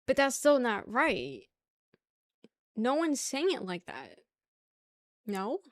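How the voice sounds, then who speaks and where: A woman's voice: a little high, very animated, slow, dry recording. Laughing young woman with a New York accent. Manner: teasing, laughs often, argues playfully. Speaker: streamer. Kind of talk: casual chat with viewers.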